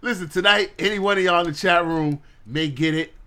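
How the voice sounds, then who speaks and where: A man hosts his own podcast in a loose, profane monologue. His voice sits a little high for a man. He rants bluntly at his chat and laughs at his own jokes. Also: fairly quick, pushed and bright. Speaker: podcast host.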